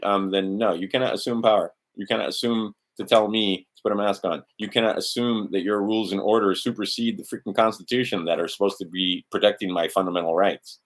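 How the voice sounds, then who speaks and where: A man with a deep, low voice hosts a livestream in a loose, meandering way. He talks bluntly, swears now and then, and mutters to himself while searching through a document. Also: fairly even intonation, a little fast, few pauses. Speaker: livestream host. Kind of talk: rambling casual livestream monologue.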